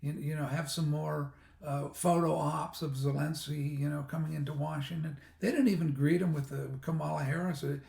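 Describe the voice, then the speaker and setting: A man's voice: on the high side, fairly even intonation, moderate pace, vocal fry, hardly any pauses, darkish tone. A man giving rambling, sarcastic commentary while reading a news article aloud, often restarting and stammering. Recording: echoey room.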